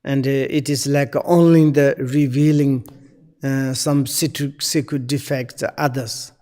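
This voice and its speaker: Slow, halting male Buddhist teacher. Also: medium pitch, fairly even intonation, dark tone, in a large hall. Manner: halting, many fillers and searching for words; non-native English phrasing. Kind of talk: Dharma teaching.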